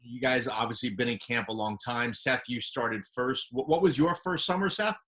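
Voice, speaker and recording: A man hosting an alumni interview, asking questions with many pauses and fillers. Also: medium pitch, bright, forceful tone. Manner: hesitant, filler-heavy questioning. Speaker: interviewer host.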